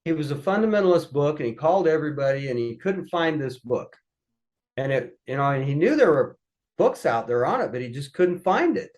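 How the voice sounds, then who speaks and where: A man's voice: a little high, a little fast, rough recording. Folksy man telling family stories. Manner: folksy, lively storyteller acting out voices. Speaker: podcast guest. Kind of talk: anecdotal storytelling.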